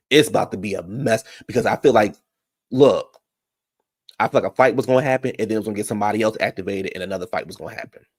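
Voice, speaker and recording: A man with a lowish voice talks quickly, recorded clean in a studio with no room sound. He hosts a reality-show recap channel and tells a story to his viewers in a casual, animated, chatty way, calling them "y'all" and "baby."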